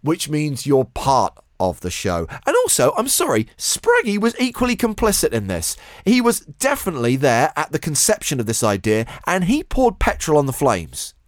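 A man co-hosting a poker podcast, recapping events in a measured, wry way. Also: a little high, huge pitch swings, no echo, studio quality. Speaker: poker show co-host. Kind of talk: casual podcast chat.

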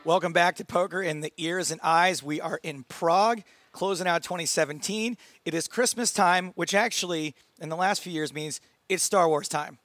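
High-voiced animated podcast man. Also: normal speed, hardly any pauses, no room sound, faint music behind. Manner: animated storyteller, laughs often. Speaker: podcast co-host. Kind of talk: casual chat.

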